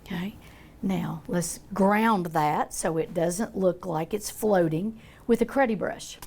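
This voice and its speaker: A woman's voice: fairly low pitch, takes it slowly, gravelly, a little mellow, a little hiss or hum. An older woman demonstrating a painting, talking in a chatty, folksy way as she thinks aloud. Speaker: art teacher.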